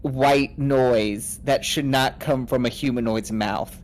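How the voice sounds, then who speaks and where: A man's voice: mid-range voice, fairly even intonation, slow, slight background noise. A man playing in a tabletop game, narrating his character's actions comically. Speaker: player.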